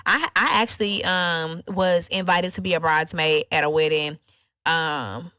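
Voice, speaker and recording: A young woman co-hosting a casual podcast, telling a story and acting out what others said in higher voices. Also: moderate pace, clean tone, no room sound. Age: young adult. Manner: animated storyteller, acts out quotes in high voices. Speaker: podcast co-host.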